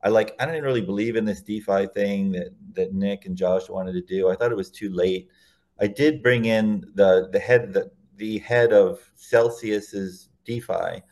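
A man in a relaxed interview, recounting his story at length as a guest. His voice sits on the lower side, and he rambles, circling back and rephrasing as he goes. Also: unhurried. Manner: rambling, self-correcting anecdotes.

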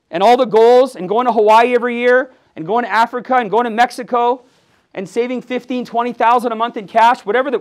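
A man in his forties with a rather high voice drives home a motivational sales training talk. He is fired up and punchy, firing "yes or yes?" back at his team. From Milwaukee, USA. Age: 40s.

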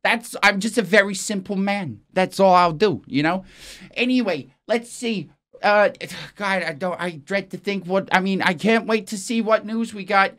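A man's voice: sits high, moderate pace, fairly bright tone. Male comic anchor, foul-mouthed, flustered, keeps cutting himself off. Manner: profane, exasperated, rambling and self-interrupting. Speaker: comedy news anchor. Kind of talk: improvised comic news parody.

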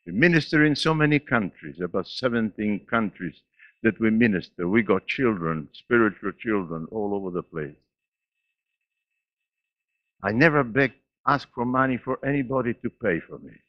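A man in his eighties with a foreign accent, preaching a sermon in church with laughs and sudden swings between loud and quiet. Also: lowish voice, expressive, normal speed, dry recording, highs cut off. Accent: non-native English. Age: 80s. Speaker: pastor.

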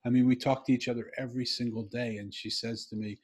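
A middle-aged man telling a story from his own life in a heartfelt, emphatic way. His voice is husky and sits at an ordinary pitch. He speaks like a guest in a relaxed conversation. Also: quick pace.

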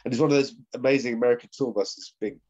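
A man's voice: mid-range voice, quick pace, a little mellow. A man, a session drummer as the guest, telling rambling anecdotes full of fillers and laughs over a video call. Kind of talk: casual interview chat. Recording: dull lo-fi sound.

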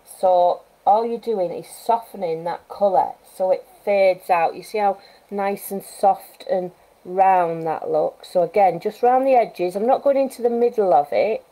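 A woman wildlife artist giving a live painting demonstration, chatting and thinking aloud as she works, with gentle coaching asides. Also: medium pitch, unhurried, poor audio. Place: art studio at home, live stream.

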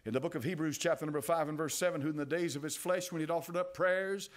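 An older man with an East Tennessee accent preaching a sermon as pastor, dropping to quiet asides and rising to loud exclamations. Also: on the high side, steady tone, fast talker. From United States.

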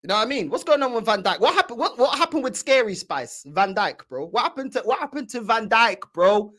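A woman with a London accent hosts a football fan channel, mocking players in thick slang and tagging nearly every line with a question to the viewer. Her voice sits fairly high and rises and falls with great animation. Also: animated, brisk, fairly bright tone. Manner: teasing, slangy, constant filler questions. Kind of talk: casual reaction commentary.

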